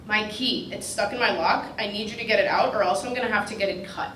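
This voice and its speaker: A woman's voice: medium pitch, quick pace, fairly bright tone, close to an everyday voice. A woman voicing a chatty woman at a gym who pleads for help with her lock, in a prattling manner. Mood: pleading. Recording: roomy, distant mic with background noise.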